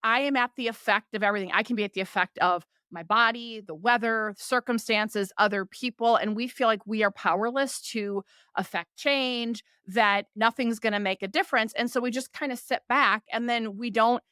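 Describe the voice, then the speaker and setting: A woman hosting a podcast, explaining ideas in a lively, conversational way and often acting out the complaints she describes. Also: a little high, normal speed, few pauses, clean tone, no echo, clean studio sound. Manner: animated, voices quoted complaints for illustration. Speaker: podcast host.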